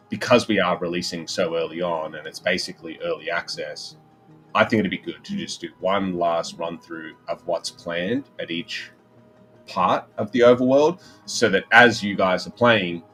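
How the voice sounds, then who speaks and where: Deep bright-toned Australian man. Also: rough recording. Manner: laughs often, relaxed and chatty. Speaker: game co-founder, guest. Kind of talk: casual livestream banter.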